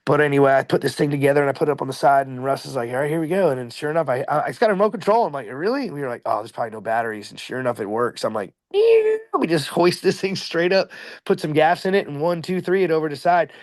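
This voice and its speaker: A man's voice: on the high side, quick pace, no room sound. A man telling a fishing story in a casual, rambling, slangy way.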